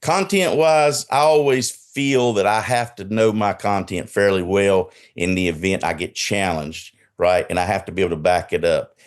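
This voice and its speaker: A man's voice: low voice, normal speed, hardly any pauses, clear, resonant tone. A middle-aged man with a Southern US accent, a guest in a casual podcast interview on a video call, talking in a direct, confident way and telling stories. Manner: direct, confident, storytelling with quoted dialogue. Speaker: guest, enterprise salesperson.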